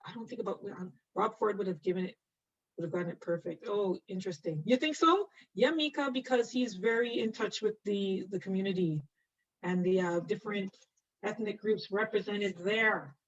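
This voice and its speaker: A nursing instructor, a middle-aged woman, gives a live online anatomy lecture, laughing often and chatting with students she calls by name. Her pitch is medium and her pace moderate, recorded through a distant, dull lo-fi mic.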